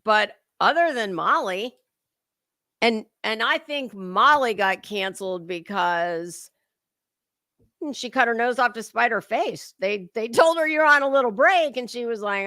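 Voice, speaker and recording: A woman's voice: on the high side, animated, a little slow, pushed and bright, no room sound, studio quality. A woman hosting a casual livestream commentary, chatty and swearing freely as she greets her chat viewers by name.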